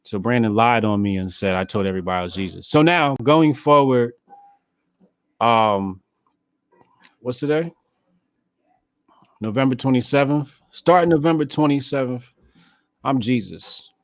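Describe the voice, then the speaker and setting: A man's voice: mid-range voice, moderate pace, long pauses, dry recording. Blunt Jersey-accented man, dry close sound. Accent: New Jersey. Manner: blunt, profane, storytelling with acted quotes. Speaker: podcast host. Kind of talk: casual chat.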